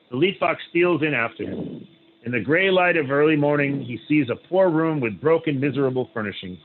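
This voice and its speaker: A rabbi who reads a story aloud with pauses, adding "right?" asides and leading a group discussion. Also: male voice, a little high. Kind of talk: reading a story aloud, then opening discussion. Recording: tinny phone-like line, faint hiss.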